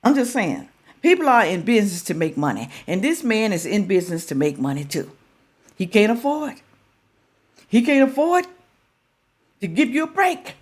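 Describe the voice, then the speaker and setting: An older woman speaks straight to her viewers in a casual vlog, her pitch rising and falling widely as she presses her points. She throws rhetorical questions at the audience and leans hard on each point. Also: sing-song, normal speed, pauses often. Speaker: reaction vlogger.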